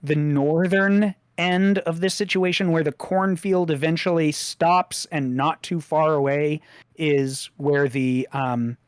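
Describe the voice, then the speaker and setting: A game master running a tabletop role-playing game, describing scenes in a slow, meandering way. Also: medium pitch, steady tone, clear, resonant tone, no echo, studio quality.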